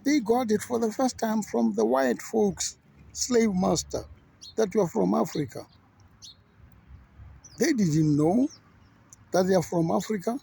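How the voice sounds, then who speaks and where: A man who preaches as a pastor, giving an outspoken, measured monologue in a gravelly voice. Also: sits high, warm tone. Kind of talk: reflective monologue.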